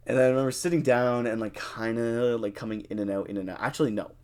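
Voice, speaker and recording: A young adult man co-hosting a podcast, telling a drinking story in a casual, animated way, swearing freely and acting out what people said. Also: medium pitch, fast talker. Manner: animated, profane, acts out quotes. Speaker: podcast co-host.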